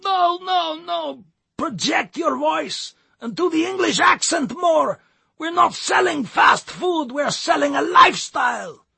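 A man's voice: very high voice, animated, moderate pace, gravelly, hardly any pauses, husky, dry recording, voice pushed up, exaggerated voice. A man voicing a short, round, pushy food-stand boss who barks orders with a strong Cypriot accent. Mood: bossy. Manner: barking, shouting orders.

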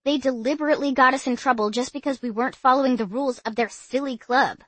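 A woman's voice: high voice, fast talker, a bit bright, no echo, voice pushed up. A woman voicing an indignant, fiery young girl who speaks sharply and accusingly.

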